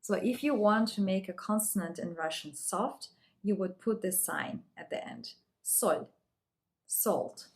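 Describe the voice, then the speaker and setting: A woman teaching a beginners' language lesson, reading each word and its translation slowly and repeating it. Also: mid-range voice. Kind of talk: slow, deliberate lesson reading words aloud.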